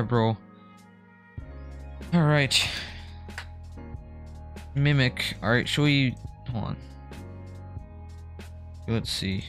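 A man's voice: medium pitch, fairly bright tone. A young man streaming a horror game live, chatting and joking as he gets startled. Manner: chatty, jokey, easily startled. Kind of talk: live gameplay commentary.

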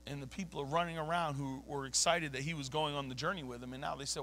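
A man's voice: a little high, fairly even intonation, fast, fairly bright tone, slight background noise. A man preaching a sermon as a pastor, emphatic and conversational, dropping casual slang between points. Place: church sanctuary.

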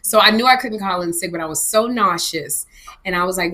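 A middle-aged woman co-hosting a casual comedy podcast, telling an animated story that swings between laughter and tears. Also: lowish voice, fast. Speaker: co-host.

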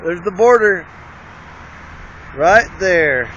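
A man's voice: high-pitched, animated, very slow, a bit bright, a little hiss or hum. A man chatting casually outdoors as he films, pointing out the sights and repeating himself as he goes. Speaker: vlogger showing the sights. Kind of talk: casual chat. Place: outdoors by a road. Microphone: handheld phone. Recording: dull lo-fi phone audio.

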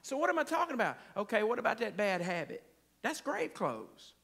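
A man's voice: sits high, sing-song, fairly quick, gravelly, fairly bright tone, slightly rough. A man preaching a sermon in a church, conversational and playful, stretching out key phrases for emphasis. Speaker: pastor. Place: church sanctuary.

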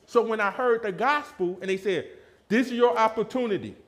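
A man preaching a lively sermon, telling a personal story and acting out quotes with laughter. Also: high-pitched, brisk. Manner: animated, laughing, acts out quotes in a raised voice.

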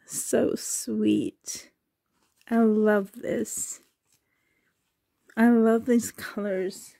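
Slow, whispery woman gushing over an unboxing. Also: fairly high pitch, steady tone, warm tone. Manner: gasping, breathless delight with frequent whispers. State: emotional, close to tears. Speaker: reborn doll collector, channel host. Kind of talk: excited unboxing vlog.

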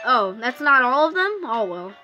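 Music plays behind a woman whose high, sing-song voice moves at normal speed as she gives rambling, chatty let's-play commentary on a phone game. A gaming YouTuber recorded via phone screen capture, she keeps interrupting herself with fillers and restarts.

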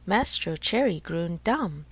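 Slow, expressive woman storyteller. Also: lowish voice, slightly rough, dry recording. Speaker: narrator. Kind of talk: slow storybook narration for English learners.

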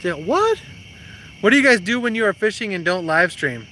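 A man's voice: high voice, big pitch swings, normal speed, pushed and bright, a little hiss or hum. A young man hosting a fishing live stream outdoors at night, teasing his partner and reading viewer comments aloud. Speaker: fishing show host. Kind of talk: casual live-stream chat. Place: creek bank outdoors at night.

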